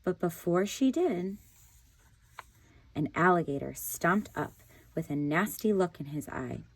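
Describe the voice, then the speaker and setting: A woman teacher reading a picture book aloud in a calm, deliberate narrating voice. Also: lowish voice, breathy edge.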